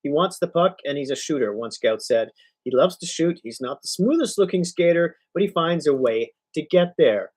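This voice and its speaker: A man's voice: a little high, lively intonation, moderate pace, a little mellow, husky. A man hosting a live reaction stream, reading posts and reports aloud with chuckles and many fillers. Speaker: livestream host. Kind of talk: casual live reaction commentary.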